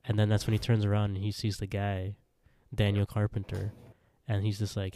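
A man's voice: fairly low pitch, monotone, moderate pace, mellow, a little hiss or hum. A man co-hosting a podcast, casually recapping an episode in a rambling way. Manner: rambling retelling with quoted voices and laughs. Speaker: podcast co-host.

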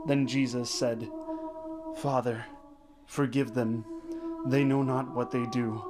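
A man leading the rosary, reading scripture and prayers in a measured, solemn way, phrase by phrase. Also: mid-range voice, little pitch movement. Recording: voice over clear background music. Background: sacred choral music.

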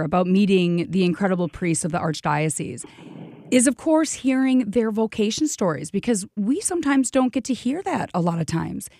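A woman's voice: mid-range voice, dry recording, studio quality. A woman filling in as a radio host, upbeat and playful, chatting with a guest in a casual interview. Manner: upbeat and playful, laughs often. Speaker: radio show fill-in host.

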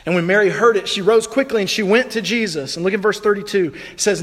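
Male pastor, sermon, earnest and emphatic, fairly high voice, long hall reverb. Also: expressive, a little fast, a bit bright.

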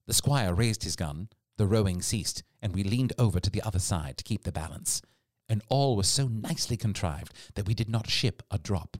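A man narrating a classic adventure story in an expressive storytelling read. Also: on the low side, normal speed, no room sound, studio quality. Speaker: audiobook narrator. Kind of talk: scripted narration.

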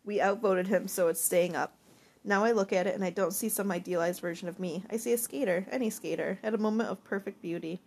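Breathy woman reading a diary-style novel. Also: mid-range voice, fairly quick, darkish tone. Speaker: audiobook narrator. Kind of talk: first-person diary-style audiobook narration.

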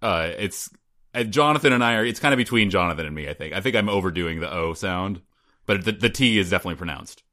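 A man with a low but lively voice chats about the film and offers trivia. He restarts his sentences a lot as he thinks aloud. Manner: chatty, shares trivia, halting restarts. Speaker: podcast co-host. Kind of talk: casual movie discussion.

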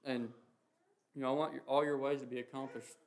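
A man giving an informal, earnest sermon, talking haltingly with many fillers and reading scripture passages aloud. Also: mid-range voice, little pitch movement, gravelly. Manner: halting, heavy with "you know" and "um" fillers. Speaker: preacher. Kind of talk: informal sermon on the Lord's Prayer.

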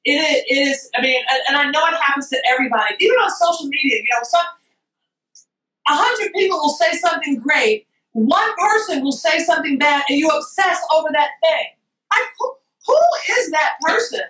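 A woman chef telling a story as a guest, expressive and loud, acting out what people said. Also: sits high, fairly quick. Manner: expressive, acts out quotes, exclaims loudly. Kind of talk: animated storytelling chat. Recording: echoey room, distant from mic.

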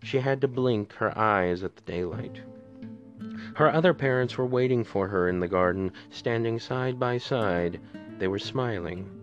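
A man reading a storybook aloud as a podcast narrator, in a measured, steady way. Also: on the low side. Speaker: podcast reader. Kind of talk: audiobook narration. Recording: dull lo-fi with faint music.

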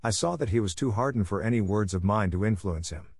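A man narrating a first-person story as an audiobook, in a measured, earnest way. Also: on the low side, lively intonation, darkish tone, slightly rough, dry recording, studio quality.

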